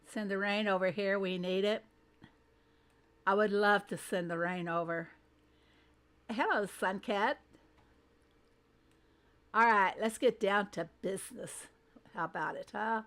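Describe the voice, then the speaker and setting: A woman's voice: mid-range voice, a little slow, pauses often, a bit bright. A woman hosting a casual game livestream, greeting viewers one by one by name and thinking aloud as she adjusts her screen. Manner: thinks aloud while fiddling with settings.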